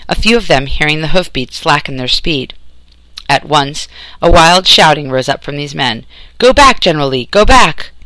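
Male narrator, slightly high, bright dry read, steady storytelling. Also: no room sound, poor audio. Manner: steady storytelling, voicing characters in dialogue. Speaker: audiobook narrator. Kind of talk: scripted narration.

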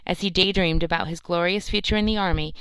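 A woman narrating a storybook in a calm, even way. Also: on the low side, fast talker, clean tone, dry recording, low-quality recording. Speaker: audiobook narrator. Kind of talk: scripted narration.

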